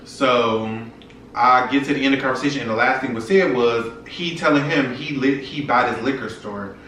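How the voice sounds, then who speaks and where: A man's voice: medium pitch, moderate pace, fairly bright tone, far from the mic, slight background noise. A young man telling a personal story to his viewers in a frank, profane, casual way. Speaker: vlogger. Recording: echoey room, voice from off-mic.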